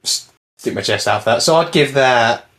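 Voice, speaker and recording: A young man talks things through on a chatty podcast. His voice sits at an ordinary middle pitch. He rambles, restarts and corrects himself as he goes. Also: animated, normal speed, fairly bright tone, a little hiss or hum. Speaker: podcast host. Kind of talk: casual chat.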